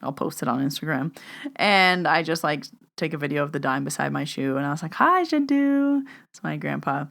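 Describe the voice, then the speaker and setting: A young woman hosts her own podcast, chatting casually into a podcast microphone. Her voice sits a little low for a woman. She tells stories in a chatty way, says "like" a lot, and acts out both sides of every conversation. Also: fairly even intonation, brisk, gravelly, fairly bright tone. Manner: chatty storyteller, acts out dialogue, says "like" often. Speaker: podcast host and medium. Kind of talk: casual solo podcast chat.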